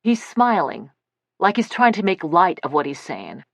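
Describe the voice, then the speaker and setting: Lively woman narrating an audiobook. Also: fairly low pitch, measured pace, vocal fry, no room sound. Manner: lively storytelling, voicing dialogue. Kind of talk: first-person audiobook narration.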